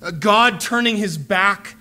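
Slow, high-voiced man preaching. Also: sharp tone. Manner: earnest, measured pleading with repeated phrases. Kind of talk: sermon.

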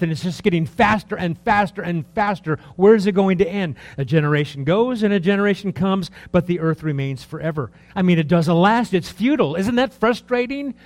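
A man in his early sixties preaching a sermon in a conversational, rambling way, full of rhetorical questions, dropping to soft asides and rising for emphasis. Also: high-pitched. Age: 60s. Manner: lively, swings between soft asides and raised emphasis. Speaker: pastor.

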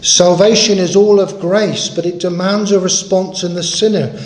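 A man delivers a sermon with a somewhat raised pitch and an earnest, emphatic manner. He drives home his points by repeating them. His voice rings in an echoey room. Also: fairly even intonation, normal speed, a little mellow. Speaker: preacher.

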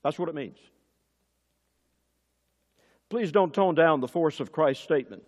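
A man preaching a sermon as pastor, building to emphatic, forceful peaks and dropping back to quiet asides. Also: lively intonation, fairly quick, few pauses, dull audio. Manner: emphatic preaching with sudden rises in pitch and force. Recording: long hall reverb.

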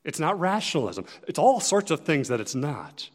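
A very animated, high-voiced male pastor preaches at a moderate pace, earnest and conversational in his directness. He swells and softens his loudness for emphasis while a long reverb from the large hall trails each phrase of the sermon.

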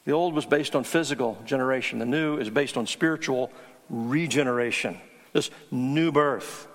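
A man's voice: medium pitch, normal speed, big-room sound. A man preaching a teaching sermon, earnest and emphatic on key words. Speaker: pastor.

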